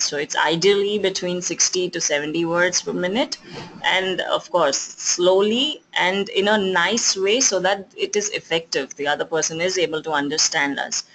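A communication skills trainer with an Indian English accent, lecturing at an even pace and often pausing on fillers and restarts. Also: medium pitch, poor audio. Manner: explanatory, with frequent fillers and restarts.

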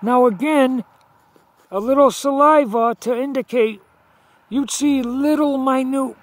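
Man, high voice, slow and insistent, repeating himself to viewers, phone recording outdoors at night. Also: dry recording. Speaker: video blogger. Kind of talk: filming outdoors, talking to viewers. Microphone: phone camera held while filming.

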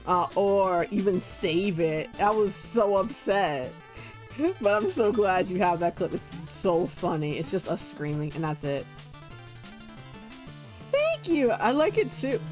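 Giggly young man on a game stream. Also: high-pitched. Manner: bubbly, giggly, playful. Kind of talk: casual gaming stream chat.

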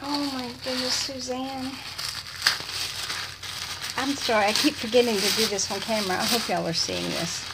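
A middle-aged woman, chatting softly and gushing, often in a whisper, while opening a gift box at home. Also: fairly high pitch, steady tone, moderate pace, gravelly, pauses often, very noisy. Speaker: vlogger. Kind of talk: casual unboxing chat. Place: home, indoors.

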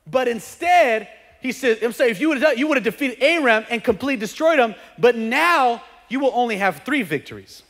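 A male pastor preaching a sermon, animated, rising to shouts at the peaks. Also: very high-pitched, a little fast. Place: church sanctuary. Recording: reverberant church hall.

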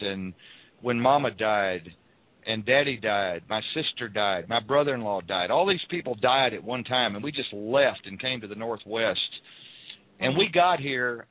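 A man's voice: mid-range voice, no echo. A man from the southern United States, a guest on a call-in radio show, telling a personal story earnestly and repeating phrases for emphasis. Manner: earnest, repetitive, quotes people in raised voices. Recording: tinny phone line.

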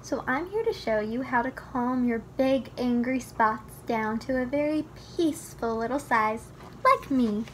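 Brief: a woman reading a children's book aloud, gentle and instructive, with a bright, high voice. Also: measured pace, few pauses, slight background noise. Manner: gentle, teaching tone, speaks to the child listener. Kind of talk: storybook read-aloud.

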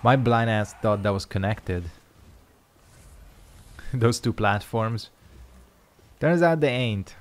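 A man's voice: lowish voice, lively intonation, takes it slowly, long pauses. A young man casually commenting on his own gameplay, swearing and joking to himself. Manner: swears freely, jokes to himself. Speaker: gaming video host.

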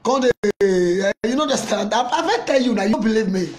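A man with a Nigerian accent playing a loud, mocking older Nigerian mama in a comedy skit, scolding and teasing someone. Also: high voice, expressive, fairly quick, slight background noise. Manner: taunting, scolding, laughing at the listener.

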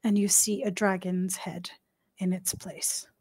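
A woman game master narrating a tabletop scene at a slow, unhurried pace. Her voice sits at a middle pitch and sounds close and dry. She describes each detail plainly and takes her time. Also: level tone, darkish tone, husky, dry recording.

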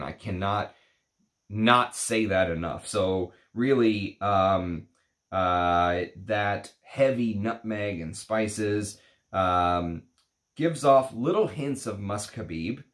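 A man's voice: lowish voice, slow pace, a bit bright. A man talking through a fragrance review in a casual, rambling way with lots of fillers and asides. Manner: rambling, chatty, many fillers.

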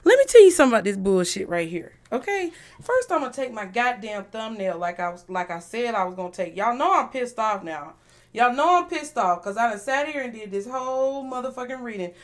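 A woman's voice: a little high, expressive, brisk. A woman giving a tarot reading to her viewers, speaking bluntly and emphatically with a lot of profanity. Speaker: tarot reader.

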